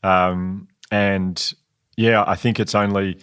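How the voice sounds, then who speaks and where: A man's voice: low-pitched, flat delivery, slow, a bit bright, clear, resonant tone. A man, co-hosting a podcast in an earnest, reflective way. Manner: earnest, reflective, laughs often. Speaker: podcast co-host. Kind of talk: casual conversational podcast.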